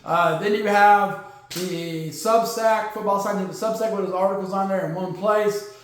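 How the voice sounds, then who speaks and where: A man hosting a football podcast, running through league news in quick bursts with lots of fillers and punchy asides. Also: high voice, steady tone. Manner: rapid-fire, filler-heavy, punchy asides. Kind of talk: sports news rundown. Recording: very echoey room.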